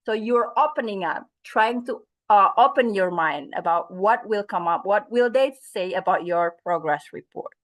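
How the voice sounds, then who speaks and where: Her mid-range voice has lively intonation, and she talks at a moderate pace with barely any pauses. She's teaching a class over video call, engaging students with questions and mixing in bits of Indonesian.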